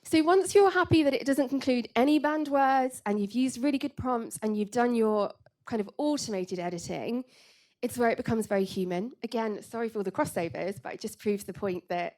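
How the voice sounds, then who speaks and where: A woman giving a copywriting workshop talk, chatty and lively, with frequent laughs. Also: mid-range voice. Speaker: copywriting trainer.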